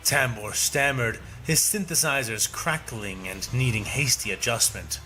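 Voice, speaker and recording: A man reading a scripted story in a measured, dramatic narration. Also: medium pitch, bright, forceful tone. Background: music.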